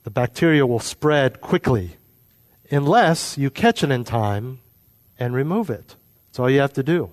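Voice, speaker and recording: A man's voice: medium pitch, animated, measured pace. A man preaching a sermon, explaining with everyday examples and putting questions to his listeners. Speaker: pastor.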